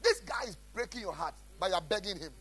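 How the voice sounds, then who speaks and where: A man preaching a sermon as a pastor, asking the congregation questions and swinging between shouted lines and quiet asides. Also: high-pitched, lively intonation, fast, breathy edge, poor audio. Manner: preaching with call-and-response questions.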